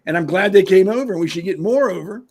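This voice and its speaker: A man co-hosting a panel show, talking bluntly and emphatically with a husky voice. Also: high voice, lively intonation, fast, darkish tone. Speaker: co-host. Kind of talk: opinionated panel talk.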